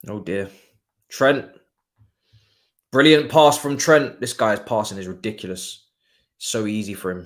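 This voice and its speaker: A man hosting a live football watchalong stream, chatting casually and breaking into excited cheers. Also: mid-range voice, unhurried, long pauses. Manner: excitable, jumps from calm chat to loud cheering. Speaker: livestream watchalong host.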